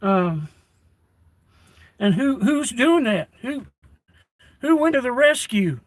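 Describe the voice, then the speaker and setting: An older man talks folksy and unhurried on his own livestream, drawling out his words and now and then working himself into a rant. His voice sits fairly high for a man, and the sound is dry and close with no room around it. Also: sing-song, dry recording, poor audio. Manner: folksy, ranting. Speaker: live streamer. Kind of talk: casual livestream chat. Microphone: tablet.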